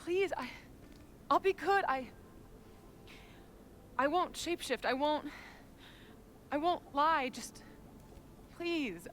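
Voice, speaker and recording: A young game character who begs with a raised, high voice and drags her words out slowly. She turns bitter and cutting, with faint hiss in the background. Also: lively intonation, a bit bright, exaggerated voice. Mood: pleading. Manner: pleading, then bitter and cutting. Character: desperate young woman pleading not to be left.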